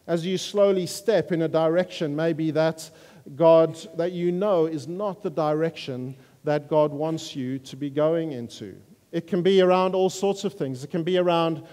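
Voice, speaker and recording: A man preaching a sermon in an earnest, halting way with many fillers. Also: a little high, mellow. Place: church hall. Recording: long church-hall reverb.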